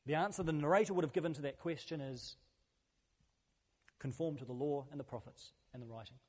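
A male pastor delivers a sermon in a slightly higher than usual voice, earnest and conversational, leaning on repeated phrases to drive each point home. His words ring out with a long reverb that fills the church hall around him. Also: a little fast, a little mellow.

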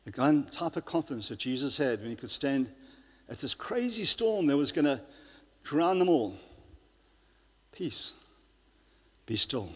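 A man's voice: fairly high pitch, lively intonation, moderate pace. Man preaching in a reverberant hall. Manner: earnest preaching, many restarts and fillers. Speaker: pastor. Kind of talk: sermon. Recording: long reverb of a large hall.

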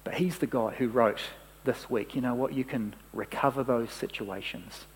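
A man preaching a sermon, telling a story and dropping to a hush for quoted lines. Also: medium pitch, normal speed, long reverb tail, slight background noise, low-quality recording.

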